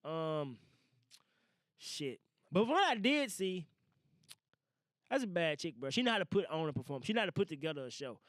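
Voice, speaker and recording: A man's voice: fairly high pitch, normal speed, long pauses, dry recording. Man, young adult, podcast host, casual rambling monologue, slang and swearing, dry studio sound. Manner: loose, profane slang, animated asides. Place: small recording room. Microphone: studio mic.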